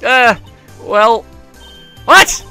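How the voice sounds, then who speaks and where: A man's voice: very high-pitched, animated, very slow, creaky, bright, forceful tone, clean tone, soft background music, voice pushed up, exaggerated voice. A man voicing a flustered young male lawyer who stammers nervously.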